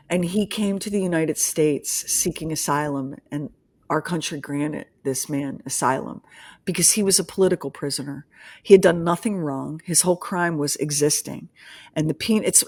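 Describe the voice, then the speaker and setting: A woman co-hosting a podcast livestream, talking in a chatty, animated way and laughing often. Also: low-pitched, moderate pace, no echo. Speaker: podcast co-host. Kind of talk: casual livestream chat.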